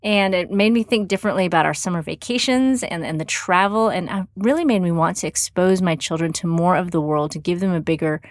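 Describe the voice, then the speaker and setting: A woman's voice: fairly low pitch, brisk, hardly any pauses, no echo, clean studio sound. A woman with a mild Texan accent hosting a podcast, chatting in an upbeat way with many fillers and restarts. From Texas, USA. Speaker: podcast host. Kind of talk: casual podcast interview.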